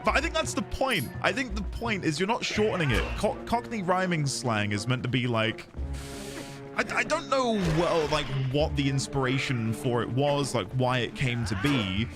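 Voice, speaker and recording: A British man chatting casually as he streams a game. He rambles through explanations in a fairly high voice that rises and falls a great deal, often amused at himself. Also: animated, moderate pace, over music. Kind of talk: casual gameplay chat.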